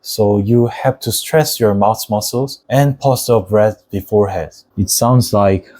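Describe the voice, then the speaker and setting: Slow, mellow-voiced man teaching Korean. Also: on the low side, rough recording. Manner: patient, deliberate, models Korean words slowly. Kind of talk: slow explanatory language lesson.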